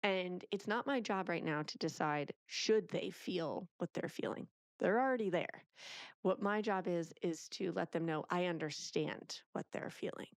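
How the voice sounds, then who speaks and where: A woman in her thirties, a parenting author as a guest in a casual interview, talking in an animated way and acting out lines of parents and children. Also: on the low side, measured pace, no room sound, studio quality.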